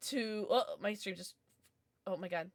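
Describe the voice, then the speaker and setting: A woman's voice: mid-range voice, unhurried, no echo, clean studio sound. A young adult woman streaming live and chatting with her viewers, bubbly and giggly, with lots of "like". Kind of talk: casual livestream chat, reading chat.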